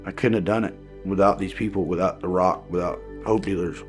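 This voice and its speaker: A man with a low, deep voice gives a personal testimony, speaking earnestly and haltingly. He restarts his sentences often and leans on small fillers. Soft music plays faintly behind him. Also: steady tone. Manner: emotional at times. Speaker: person sharing his recovery story.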